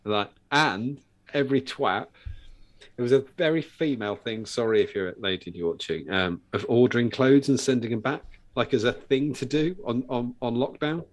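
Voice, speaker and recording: A British man hosting a live vape show, chatting casually and telling sweary, lively stories and acting out the people in them. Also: mid-range voice, moderate pace. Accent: British English. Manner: sweary storytelling, acting out other people's voices. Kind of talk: casual chat.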